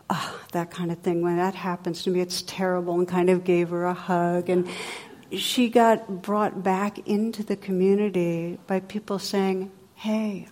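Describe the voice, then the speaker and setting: A middle-aged woman giving a dharma talk as a meditation teacher, telling stories in a gentle, conversational way. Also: on the low side. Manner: gentle, conversational storytelling with playful sound effects.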